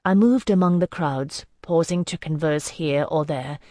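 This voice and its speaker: An audiobook narrator reading a fantasy novel in measured, first-person storytelling. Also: medium pitch, a little mellow, no echo.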